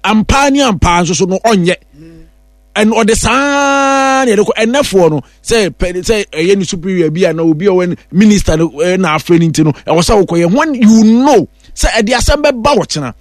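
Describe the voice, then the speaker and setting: A man with a Ghanaian accent discussing politics on a talk show, arguing forcefully and mixing in English. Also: high voice, lively intonation, moderate pace, hardly any pauses, no room sound, clean studio sound. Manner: forceful, argumentative, switches between Twi and English.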